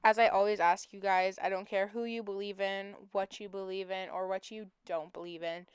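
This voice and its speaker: A woman with a very smooth, clear voice makes a heartfelt appeal to her viewers. She hosts a missing-persons channel and speaks with emotion and urgency. The sound is dry and close, with no room around her. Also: medium pitch, little pitch movement, moderate pace, no room sound.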